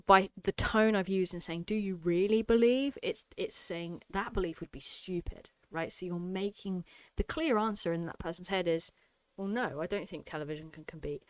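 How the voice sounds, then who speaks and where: A woman's voice: fairly low pitch, normal speed, few pauses, a bit bright, no echo. A woman teaching an exam-prep lesson, emphatic and explanatory, often checking in with "okay?". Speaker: English tutor.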